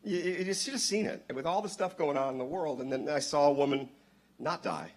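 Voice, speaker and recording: A man telling a story in church on a handheld microphone, excitable and bursting into loud exclamations. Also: a little high, brisk. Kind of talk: animated storytelling.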